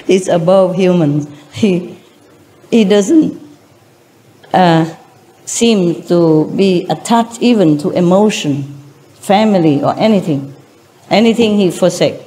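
A woman's voice: fairly low pitch, dark tone, a little hiss or hum. A woman teacher giving a spiritual lecture, retelling religious stories in simple non-native English and chuckling often.

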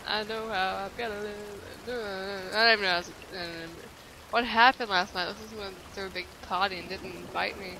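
A young woman giving casual, profane let's-play commentary, reacting loudly and insulting her own game character. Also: mid-range voice, steady tone, moderate pace, a little hiss or hum. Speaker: gameplay commentator.

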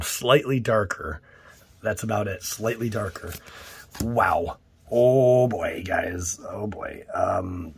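A man hosting a casual card-opening video, playful and exclamatory with goofy catchphrases, sometimes dropping to a hushed near-whisper. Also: medium pitch, slight background noise. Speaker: card-opening channel host. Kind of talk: casual unboxing commentary.

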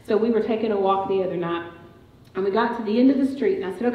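A woman speaks fast in a mid-range voice as she preaches in a church sanctuary. Her sermon moves through a family story and climbs to emphatic declarations. The sound is dull and full of echo.

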